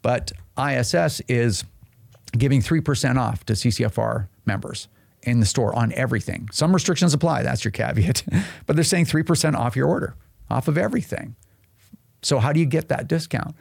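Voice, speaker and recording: A man who leads an advocacy group, explaining a member program in a casual, conversational way and acting out quick little exchanges. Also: mid-range voice, vocal fry, a little mellow, no echo, clean studio sound.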